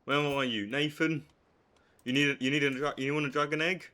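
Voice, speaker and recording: A young man giving live commentary on a strategy game, swinging from low muttering to hyped outbursts. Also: fairly even intonation, brisk, sharp tone. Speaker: streamer.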